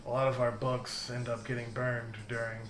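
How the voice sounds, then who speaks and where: A man's voice: medium pitch, flat delivery, normal speed, fairly bright tone, roomy sound, a little hiss or hum. A man narrating as game master, easygoing and rambling.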